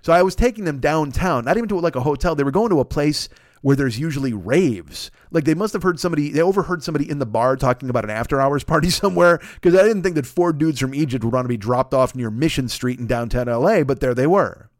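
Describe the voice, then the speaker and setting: A man, a podcast host, telling a comedic story in a rapid, animated way, with casual and crude slang. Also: fairly high pitch, no room sound, studio quality. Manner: rapid, animated anecdote with acted quotes.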